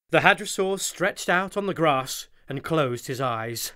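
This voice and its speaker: Kids' audiobook narrator, slow, lively, bright tone. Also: mid-range voice. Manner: animated, expressive. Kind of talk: children's storybook narration.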